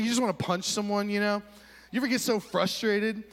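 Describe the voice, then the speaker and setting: Man, pastor, animated storytelling, slightly high voice, long hall reverb. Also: brisk. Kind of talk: sermon story.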